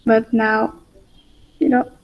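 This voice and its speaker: A woman's voice: fairly high pitch, little pitch movement, slow pace, muffled recording. A young woman practicing answers for a speaking test, hesitant and restarting as she goes. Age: young adult.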